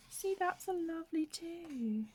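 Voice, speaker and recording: A woman hosting a colouring vlog, soft-spoken and gushing, often dropping to a whisper, tired from broken sleep. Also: extremely high pitch. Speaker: colouring channel host. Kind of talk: casual show-and-tell vlog.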